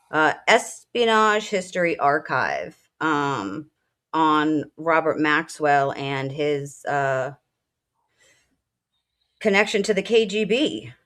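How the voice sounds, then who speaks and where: A woman's voice: sits low, a bit bright. A woman who is a military veteran, co-hosting a casual political talk show, speaking bluntly and with feeling, full of fillers and profanity. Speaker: co-host.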